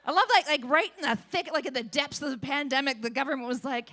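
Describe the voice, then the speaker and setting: A woman doing stand-up in a comedy club, with a high voice that cuts through. Her delivery is brash and bawdy, with a teasing edge aimed at the crowd. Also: animated, a little fast, hardly any pauses, sharp tone.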